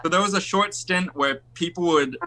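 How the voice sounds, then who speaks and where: A man's voice: high-pitched, moderate pace, sharp tone. A man in his twenties, a musician guest on a podcast, telling rambling stories in casual chat and leaning on filler words. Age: 20s.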